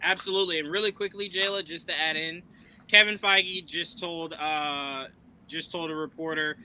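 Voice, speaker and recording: Male host, high bright voice, animated, laughs a lot, swears. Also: normal speed, smooth, rough recording. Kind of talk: casual live-stream chat.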